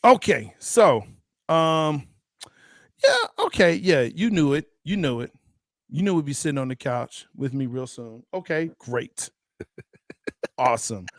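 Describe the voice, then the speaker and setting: A man's voice: fairly high pitch, expressive, a little slow, no room sound, studio quality. A man hosting a sports podcast in casual chat, teasing and laughing often. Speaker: podcast host.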